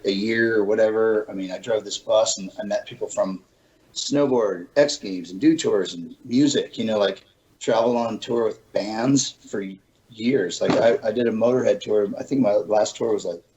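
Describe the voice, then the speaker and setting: A man's voice: fairly low pitch, darkish tone, dull audio. Laid-back swearing man telling stories. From Florida. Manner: loose, swearing storyteller. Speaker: podcast guest. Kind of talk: casual chat.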